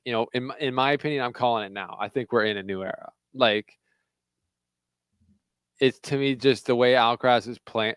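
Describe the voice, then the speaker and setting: Smooth-voiced Canadian man chatting. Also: mid-range voice, no room sound. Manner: chatty, loose, full of "like" fillers. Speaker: podcast co-host. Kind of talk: casual chat.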